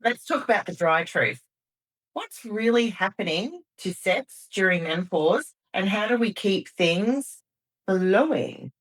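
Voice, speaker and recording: A woman's voice: mid-range voice, lively intonation, a little slow. A woman hosting a podcast, steering the chat between topics with playful, teasing remarks. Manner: playful, teasing, laughs easily. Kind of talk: casual chat, leading the topics.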